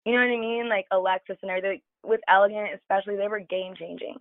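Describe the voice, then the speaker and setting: Profane, gravelly-voiced woman guest. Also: mid-range voice, steady tone, rapid-fire, no echo, phone-quality sound. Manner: candid, profane, storytelling with many fillers. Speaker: podcast guest. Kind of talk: casual chat.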